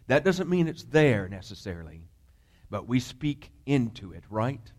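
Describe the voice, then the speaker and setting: A man's voice: mid-range voice, expressive, moderate pace. A man preaching as pastor, telling a story in a conversational way with many fillers and putting questions to the congregation. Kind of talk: storytelling sermon.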